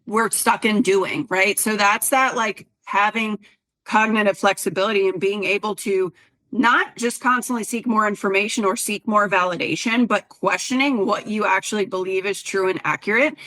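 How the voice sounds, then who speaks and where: A woman's voice: medium pitch, normal speed. A woman co-hosting a health podcast, talking casually and acting out her clients' words. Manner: chatty, animated quoting of clients. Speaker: podcast co-host, health coach.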